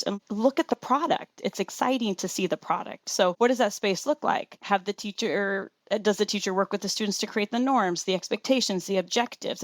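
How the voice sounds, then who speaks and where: A woman's voice: medium pitch, no room sound, studio quality. A woman guest expert on a podcast, earnestly explaining her ideas on teaching and laying them out point by point. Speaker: teaches students. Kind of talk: podcast interview answer.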